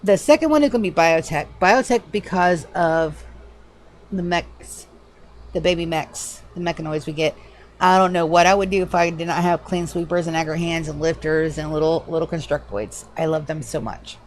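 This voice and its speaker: A woman streaming a game live from home, chatting casually in a loose, profane, animated way at a desk microphone. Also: sits low, normal speed. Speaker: livestreamer. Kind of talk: casual gaming livestream chat.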